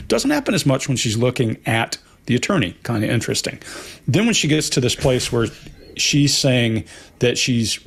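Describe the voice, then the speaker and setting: Long-winded Texan man. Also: mid-range voice. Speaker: body language analyst. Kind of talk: casual commentary on video clips.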